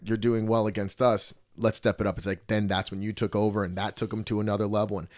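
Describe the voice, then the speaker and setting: A man's voice: on the low side, flat delivery, fast, no room sound. A man from New Jersey hosting a casual podcast chat, telling stories and swearing freely. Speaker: podcast host, gym owner.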